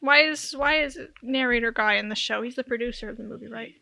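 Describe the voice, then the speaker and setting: A woman co-hosting a podcast, chatting casually with quick quips and laughs. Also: fairly high pitch, vocal fry, pushed and bright, dry recording. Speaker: podcast co-host. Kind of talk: casual chat.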